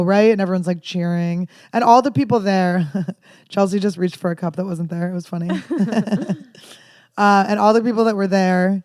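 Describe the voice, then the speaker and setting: A woman comedian in her thirties telling candid, rambling stories with dark jokes in a casual podcast chat. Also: mid-range voice, normal speed, no room sound, clean studio sound. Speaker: comedian guest.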